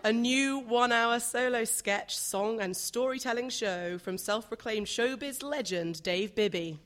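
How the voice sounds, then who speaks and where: A woman's voice: a little high, unhurried, fairly bright tone. A woman hosting a live comedy night, bringing on the next act. She speaks with dry, teasing asides. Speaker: compere. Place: comedy stage before a live audience.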